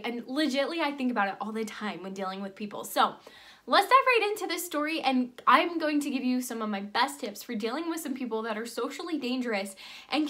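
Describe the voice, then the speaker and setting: A young woman who works as a life coach speaks directly to camera in a motivational vlog. Her high, bright voice stays upbeat and chatty, sprinkled with "like" and "right?".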